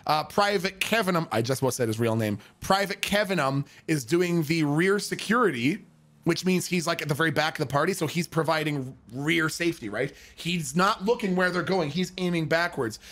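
A man's voice: on the high side, moderate pace, fairly bright tone. A man telling a story in a casual, profane, rambling way, full of restarts.

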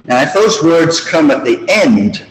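A man teaching a language lesson, explaining grammar slowly and repeating example phrases. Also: on the high side, very animated, slight background noise. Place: school room or video call. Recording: roomy hall with faint ambience.

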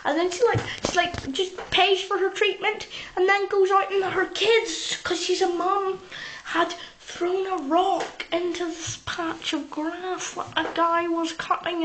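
A woman excitedly retelling a film scene, rambling with lots of fillers and sound effects. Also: very high voice, a little hiss or hum. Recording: echoey room, poor quality.

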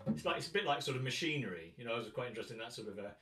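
A man from England leads a guitar workshop in a relaxed, thinking-aloud way, his pitch rising and falling a lot as he sings rhythms out loud. He sits away from the mic in a roomy space, with loud guitar playing around his words. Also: racing, distant mic. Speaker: guitar teacher. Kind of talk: workshop teaching with guitar demos.

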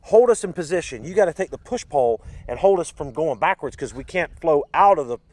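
An American man hosting a podcast, telling a story in a lively way, acting out voices and sound effects. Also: a little high, brisk, dry recording. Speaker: podcast host. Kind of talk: casual storytelling.

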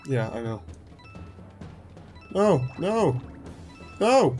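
A man's voice: a little high, big pitch swings, extremely slow, darkish tone. A young man giving casual, sarcastic let's play commentary with joking banter. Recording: faint game music behind.

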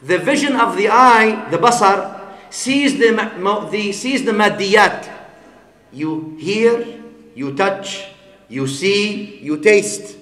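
A man's voice: sits high, animated, takes it slowly, fairly bright tone. A man giving a sermon as an Islamic scholar, teaching with everyday examples, mixing Arabic phrases into his English and often asking his listeners "huh?". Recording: echoey hall with long reverb.

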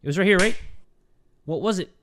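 A man giving excitable let's-play commentary, shouting and swearing at the game. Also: high-pitched, fairly quick, very noisy. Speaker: gaming YouTuber.

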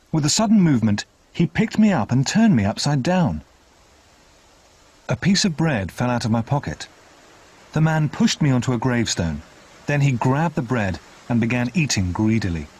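Male narrator, husky voice, lively intonation, storybook reading. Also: mid-range voice. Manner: expressive, dramatic reading.

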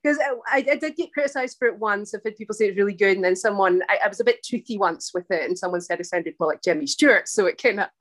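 A woman's voice: mid-range voice, fast talker, hardly any pauses, a bit bright. A woman voice actress chatting in an interview, rambling and laughing often, poking fun at herself. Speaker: voice actress guest. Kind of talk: casual interview chat.

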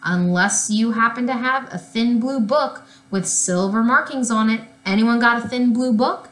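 A woman's voice: a little high, normal speed, a bit bright, echoey room, pitched above the performer's own voice, natural voice. A woman voicing a cocky young boy, showy and bluffing.

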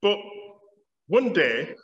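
A man's voice: high-pitched, very animated, very slow. Yorkshire man lecturing in a reverberant hall. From Bradford, Yorkshire, England. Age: 50s. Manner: storytelling, wry. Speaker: lecturer, theology professor. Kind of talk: public lecture. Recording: dull audio with long hall reverb.

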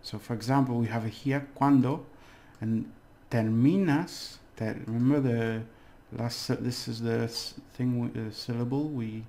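A man's voice: mid-range voice, flat delivery, moderate pace, hardly any pauses, dark tone. A man teaching a casual video lesson, rambling and hesitant, with fillers and small jokes. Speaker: language teacher.

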